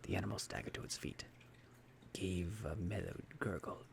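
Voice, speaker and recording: Man, ASMR story reading, soft whispers, low voice, lively melody. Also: moderate pace, vocal fry, a little hiss or hum. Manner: soft, whispered bedtime narration.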